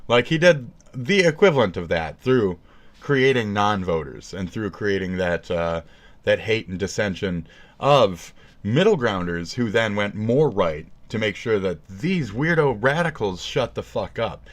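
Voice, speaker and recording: A man livestreaming a profane, sarcastic rant, jumping from loud outbursts to low mumbles. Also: lively intonation, measured pace. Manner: profane, sarcastic, swings between shouting and mumbling. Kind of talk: casual stream rant.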